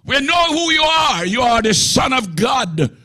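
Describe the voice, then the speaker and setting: A man's voice: very high-pitched, very animated, unhurried, pushed and bright, pitched above the performer's own voice, heavily acted. A man voicing a demon-possessed man crying out in defiance, in a raised, taunting voice.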